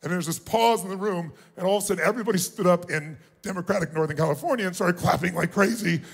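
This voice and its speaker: A man giving a live motivational seminar, booming and exhorting, pushing the audience to shout answers. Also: fast talker, gravelly. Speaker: motivational speaker. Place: large conference room with audience. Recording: echoey live room with faint noise.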